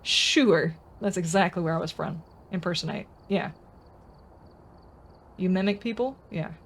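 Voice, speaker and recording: A woman's voice: fairly low pitch, measured pace. A woman streaming a game, chatting casually and rambling as she answers her viewers' comments. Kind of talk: casual live-stream chat.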